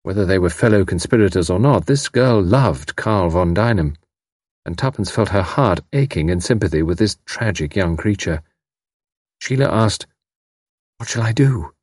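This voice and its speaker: A man narrating an audiobook in a measured, expressive storytelling manner. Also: low voice, no echo, studio quality.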